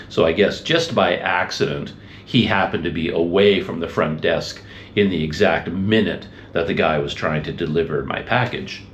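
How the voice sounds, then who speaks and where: A man talks to his camera in a relaxed, rambling way, telling stories with a wry, amused ease. His voice sits on the low side. Clear traffic and city ambience run beneath him. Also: moderate pace. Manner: chatty, rambling, amused storytelling. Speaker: travel vlogger. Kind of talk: casual chat to camera.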